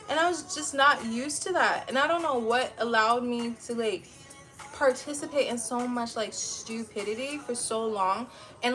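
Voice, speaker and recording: A young adult woman hosting a livestream recounts a heated personal story in casual chat. Her voice is a little high, and she's profane and animated, acting out what people said.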